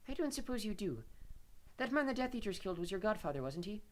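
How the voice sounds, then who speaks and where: A man's voice: high-pitched, quick pace, voice pushed up. A man voicing a dreamy, serene teenage girl. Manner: vague, calm, airy. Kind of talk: audiobook character voice.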